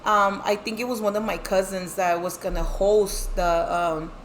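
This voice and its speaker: With a medium pitch, steady tone, and moderate pace, a middle-aged guest narrates a family episode from her life in casual chat. She code-switches between English and Spanish, acts out the other people's voices, and is heavy on both swearing and filler words.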